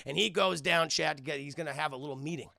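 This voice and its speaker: A male streamer talks his live chat through an episode in a loose, rambling and profane way. His voice is very gravelly and bright, sitting a little high, recorded close and dry. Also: quick pace, no room sound. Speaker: streamer and cartoon reviewer.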